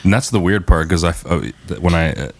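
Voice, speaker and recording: A man co-hosting a podcast, talking through a movie in casual chat, often restarting his sentences. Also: sits low. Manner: halting, restarts mid-sentence. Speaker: podcast co-host.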